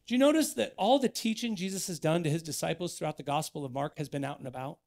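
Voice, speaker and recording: A man's voice: fairly high pitch, quick pace, gravelly, a little mellow. A man in his thirties, a pastor preaching an earnest sermon in church that builds to emphatic exhortation.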